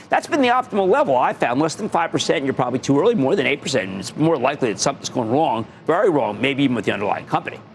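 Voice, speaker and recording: Over slight background noise, a middle-aged man with a fairly high voice hosts a stock market show. His energetic monologue delivers emphatic investing advice, repeating words for punch.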